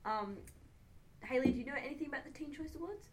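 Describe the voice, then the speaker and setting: A young woman co-hosting a casual chat podcast, chatty and quick to laugh. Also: high-pitched, lively intonation, noisy background. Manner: giggly, chatty. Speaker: podcast co-host.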